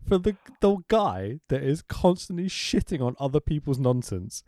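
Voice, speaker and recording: A man's voice: on the high side, sing-song, normal speed, few pauses, warm tone, no room sound, studio quality. A man co-hosting a casual wrestling podcast, swearing and laughing sarcastically. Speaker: podcast co-host.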